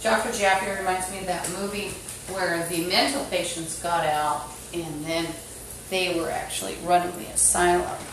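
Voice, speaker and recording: Gravelly woman rambling on a livestream. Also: lowish voice, steady tone, moderate pace. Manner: agitated, rambling, swears often. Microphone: phone. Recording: roomy echo, faint background hum.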